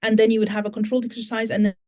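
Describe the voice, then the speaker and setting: A woman's voice: on the high side, level tone, very fast, a little mellow. A woman teacher trainer with a British English accent, answering audience questions at an online conference and explaining in steps, with many fillers and restarts.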